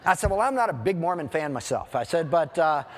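A man preaching a sermon, telling a lively personal story and acting out the dialogue in different voices. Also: a little high, fairly quick. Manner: animated, acts out dialogue in quoted voices. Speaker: pastor. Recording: hall reverb.

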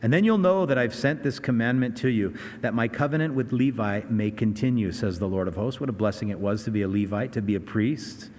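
A man's voice: mid-range voice, a little fast, hardly any pauses, darkish tone, in a large hall. A man preaching a sermon as pastor, telling stories with earnest, rising emphasis. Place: church sanctuary.

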